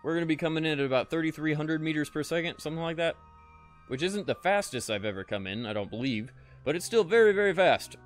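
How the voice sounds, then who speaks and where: A man's voice: fairly high pitch, lively intonation, fast talker, soft background music. A young man streaming a space game, talking to chat and muttering in frustration, swearing often. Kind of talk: casual live-stream commentary.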